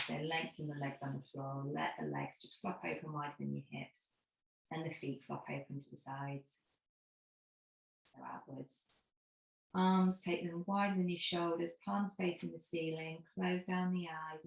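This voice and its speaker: A woman yoga teacher giving slow, soothing cues and breathing prompts as she guides a cool-down over a video call. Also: sits low, flat delivery, creaky. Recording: echoey room.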